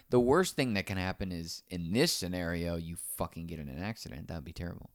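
Talking quickly with few pauses, a low-voiced podcast co-host keeps up a casual, profane chat, acting out the people in his stories through sudden vocal jumps. The recording is dry and studio-clean.

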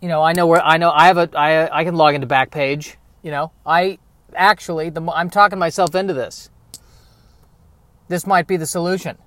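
A man's voice: on the high side, fairly even intonation, fairly quick, a bit bright, no echo. A man in his thirties hosting a podcast, rambling through a self-deprecating comedic monologue. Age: 30s. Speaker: podcast host.

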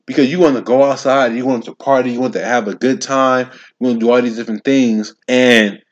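A young man in his twenties talks alone on his own podcast in a loose, slangy way, often repeating himself as he makes his point. His voice sits at an ordinary pitch for a man, and he speaks directly to whoever is listening. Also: fairly even intonation, fairly quick, hardly any pauses, highs cut off. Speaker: podcast host. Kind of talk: casual solo commentary.

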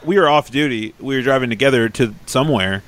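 A man's voice: mid-range voice, fast, a bit bright. A man co-hosting a podcast, telling a casual story with some swearing. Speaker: podcast co-host.

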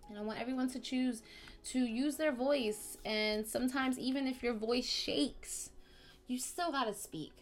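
A woman hosting a spiritual podcast, talking in a casual, slangy, animated way that swings between excited outbursts and softer, quieter stretches. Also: a little high, normal speed, soft background music. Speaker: podcast host.

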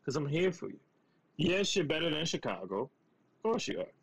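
A man co-hosting a casual sports podcast, teasing his co-host and slowing down to drive his points home. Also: fairly high pitch, sing-song, gravelly, breathy edge, rough recording.

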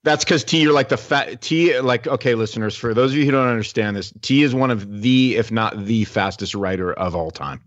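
An animated man co-hosts a podcast, putting emphatic weight on his points in casual chat. His voice sounds dry and close, with a dull lo-fi edge to the recording. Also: medium pitch, fairly quick, hardly any pauses, no room sound. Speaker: podcast co-host.

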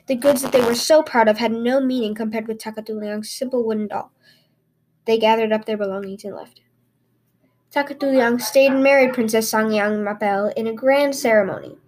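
A woman's voice: a little high, a little mellow. A woman hosting a podcast, reading fairy tales aloud expressively with small stumbles and restarts. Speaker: podcast host and storyteller.

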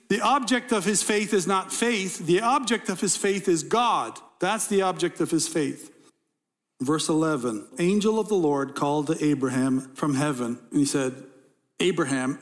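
A male pastor preaching a sermon, reading scripture and repeating key lines for emphasis. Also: high voice.

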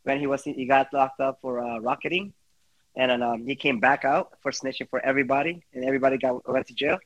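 A man's voice: medium pitch, steady tone, quick pace, fairly bright tone, no echo, highs cut off. A man in a casual chat among friends, slangy, rambling through a mumbled explanation.

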